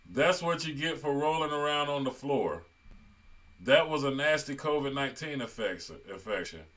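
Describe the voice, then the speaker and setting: A man's voice: medium pitch, very animated, normal speed, a bit bright. Man reading comments on his channel. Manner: conversational, reads viewer comments aloud. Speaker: host. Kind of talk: online commentary.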